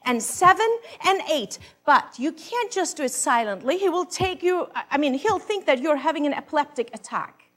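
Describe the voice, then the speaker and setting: A woman playing a brash, high-voiced instructress. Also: animated, moderate pace, hardly any pauses, a bit bright, faint music behind. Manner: theatrical, swooping moans and sighs; bossy instructor. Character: brash worldly woman coaching ladies in faking pleasure. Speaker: stage performer. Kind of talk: live comic monologue reading.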